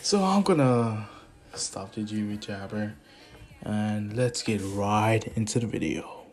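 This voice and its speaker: A man's voice: on the low side, slow, darkish tone. A man casually retelling a story, rambling and chuckling often, with self-deprecating asides. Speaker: YouTube storyteller.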